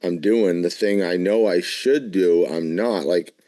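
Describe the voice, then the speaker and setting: A man co-hosting a live Bible study, talking in an animated, emphatic way and asking lots of questions. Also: low-pitched, measured pace, dry recording. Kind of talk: casual Bible study discussion.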